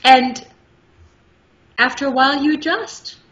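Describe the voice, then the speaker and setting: A middle-aged woman talking as an interview guest, telling stories in a lively, articulate way. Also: sits high, unhurried. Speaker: guest, audiobook narrator. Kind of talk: casual interview chat. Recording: muffled with faint background noise.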